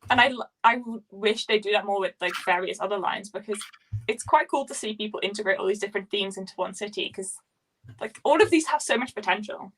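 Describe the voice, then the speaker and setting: A woman's voice: mid-range voice, brisk, fairly bright tone. A woman from the Netherlands with a Dutch accent, a native Dutch speaker, chatting casually on a live stream from her phone, laughing often and using lots of fillers. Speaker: LEGO streamer host.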